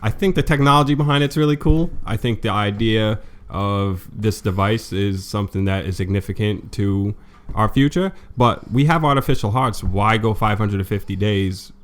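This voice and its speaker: A man, a guest on a podcast, joking in a dry, deadpan way in casual chat. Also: lowish voice, moderate pace.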